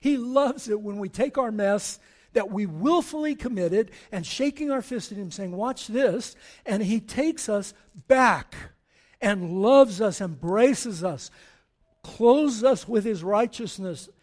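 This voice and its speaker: Guy pastor preaching, kinda high voice, animated, reads verses then pushes hard. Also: slow. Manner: animated preaching, reading scripture aloud, rising to forceful exhortation. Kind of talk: sermon.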